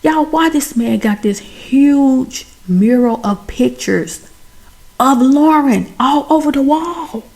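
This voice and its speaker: A woman giving a chatty, animated recap of a TV drama, talking straight to her viewers. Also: sits high, takes it slowly, creaky. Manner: chatty, addresses viewers as y'all and baby; animated, exclaims over plot twists. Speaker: TV show recapper.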